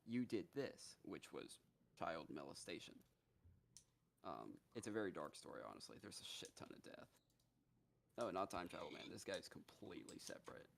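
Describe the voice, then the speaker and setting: A male streamer with a low, gravelly voice retells a story in a casual, profane, animated way. His pitch swings widely as he talks, and faint noise and keyboard clicks sit under him. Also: moderate pace.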